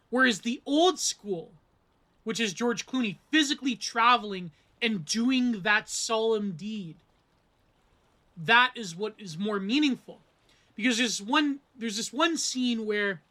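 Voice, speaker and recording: Rambling, bright-voiced man reviewing a film. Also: sits high. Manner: rambling, digressive, with asides and acted quotes. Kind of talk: casual film analysis monologue.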